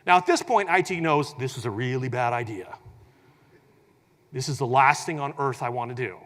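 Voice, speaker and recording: A man giving a tech conference keynote in a large hall, energetic and humorous, acting out quoted scenarios as he explains. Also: mid-range voice, fairly quick. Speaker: conference presenter. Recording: long hall reverb.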